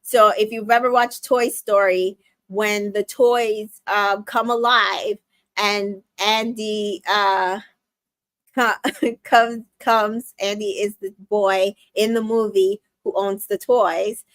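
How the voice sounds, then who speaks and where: A woman's voice: mid-range voice, fairly even intonation, takes it slowly, fairly bright tone, no room sound. A young adult woman casually recapping a reality show, retelling scenes with quoted lines, many fillers and small laughs. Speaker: recap host.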